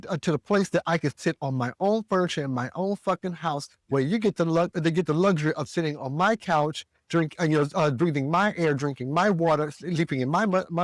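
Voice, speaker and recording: A man from the American South telling a story as a podcast co-host, animated and profane, jumping higher when he quotes himself. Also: no echo, clean studio sound. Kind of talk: casual storytelling rant.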